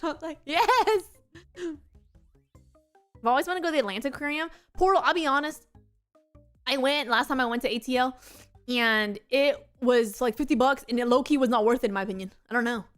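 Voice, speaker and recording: A high-pitched young woman rambles through a casual streaming chat, bubbly and excitable, with "like" in nearly every sentence. Faint music plays quietly behind her. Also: fairly quick. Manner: excitable, rambling, heavy use of "like". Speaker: VTuber streamer.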